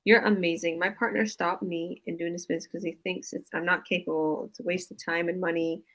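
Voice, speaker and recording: Bright-voiced, effusive woman coach. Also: fairly low pitch, little pitch movement, fairly quick, low-quality recording. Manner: effusive, enthusiastic praise. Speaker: business coach hosting a live stream. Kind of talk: casual live-stream chat.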